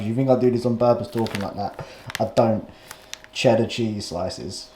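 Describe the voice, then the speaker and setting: Young lad, cheeky and sweary, chatting casually at mid pitch in an echoey kitchen, with faint clicking behind. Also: male voice, normal speed, noisy background. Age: 20s. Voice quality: swears a lot, rambling and cheeky. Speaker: fitness vlogger. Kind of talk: casual vlog chat. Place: home kitchen.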